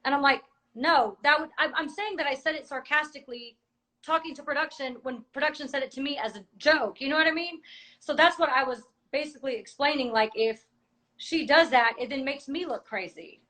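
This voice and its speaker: A woman's voice: high-pitched, fairly quick, bright, forceful tone, rough recording. A woman in a heated conversation, insistently explaining her side at length. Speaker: cast member.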